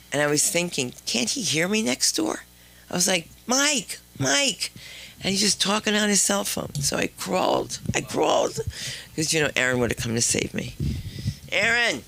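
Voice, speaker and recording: A man's voice: a little high, gravelly, sharp tone. A man hosting a comedy show, rambling and joking with the crowd. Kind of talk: host banter. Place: comedy club.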